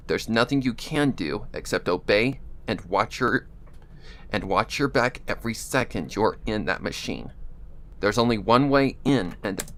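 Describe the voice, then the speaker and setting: A man's voice: fairly low pitch, fairly bright tone, slight background noise. A man voicing a stern, protective female pony mentor, talking through his nose and giving firm warnings. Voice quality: nasal.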